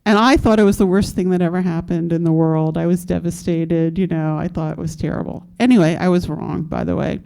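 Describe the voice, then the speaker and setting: A woman's voice: fairly low pitch, fairly even intonation, fairly quick, creaky, few pauses, warm tone. A woman in her fifties speaking on a panel, telling stories from her activist past in a candid way, with fillers and laughs. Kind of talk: recounting activist history on a panel.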